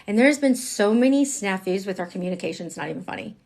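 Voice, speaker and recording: A woman giving a casual live-stream tarot reading, chatty and candid, swearing freely and swinging between loud bursts and near whispers. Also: fast, gravelly. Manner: chatty, candid and profane, with frequent fillers; animated, jumping in pitch and loudness, sometimes dropping to a whisper. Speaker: tarot reader.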